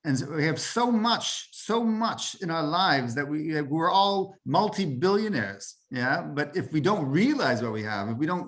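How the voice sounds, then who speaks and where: Rabbi guy giving a torah class, bit higher voice, keeps repeating words, drops hebrew terms. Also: fairly bright tone. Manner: repeats words often while searching for phrasing; mixes Hebrew and Yiddish terms into English. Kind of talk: informal Torah lesson.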